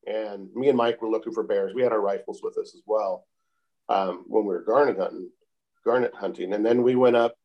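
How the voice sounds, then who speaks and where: A man calmly telling a long outdoor story in a casual interview, with many repeated "I said" tags. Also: fairly low pitch, lo-fi sound. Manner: calm, unhurried, repeats "I said" often.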